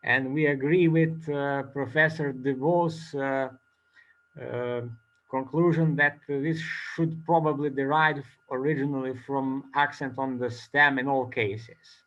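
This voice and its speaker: A man giving an academic conference talk as a presenter, speaking haltingly with many filler pauses. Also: mid-range voice, steady tone, fairly bright tone, dull audio.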